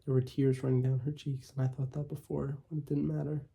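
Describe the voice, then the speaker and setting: A man reads a first-person story in a measured, unhurried way. His voice is very husky and dark, with a gravelly creak and a flat melody. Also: medium pitch. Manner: measured, with small slips and coughs. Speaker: audiobook reader.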